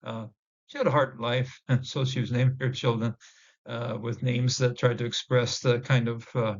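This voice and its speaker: A man giving an informal Bible word-study lesson, halting with many fillers and restarts, sounding out Hebrew words slowly. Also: mid-range voice, level tone. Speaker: Bible teacher. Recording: dull lo-fi recording.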